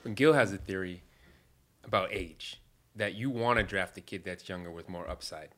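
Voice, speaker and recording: Low-voiced man asking questions. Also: moderate pace, fairly bright tone, slight background noise. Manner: prompting, asks short questions. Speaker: podcast co-host. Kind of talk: casual chat.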